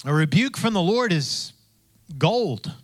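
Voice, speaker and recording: A man preaching in an easy, conversational style, his voice sitting a little high for a man. He repeats his phrases as he goes and slips into the voices of the people he quotes. The sound is dry and close to the mic. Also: sing-song, slow, dry recording. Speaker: pastor. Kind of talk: sermon.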